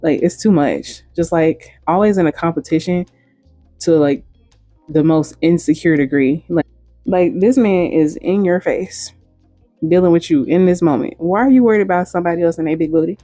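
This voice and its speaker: A woman's voice: fairly low pitch, moderate pace, mellow, no echo, clean studio sound, faint music behind. A woman hosting a casual commentary vlog, speaking bluntly and frankly with casual profanity. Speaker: host.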